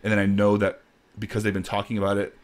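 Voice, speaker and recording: A man's voice: lowish voice, fast. Man rambling through a story on a podcast. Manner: rambling, animated storytelling with laughs. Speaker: podcast host. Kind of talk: casual chat.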